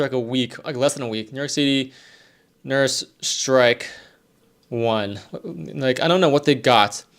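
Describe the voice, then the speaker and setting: A young man, a nurse casually answering viewer questions on a live stream, rambling and repeating himself. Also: mid-range voice. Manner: rambling, repeats himself, reads chat aloud.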